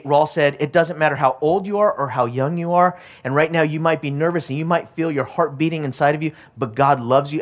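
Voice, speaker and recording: A middle-aged male pastor giving a sermon, moving from a personal story to urgent, repeated exhortation. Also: on the high side.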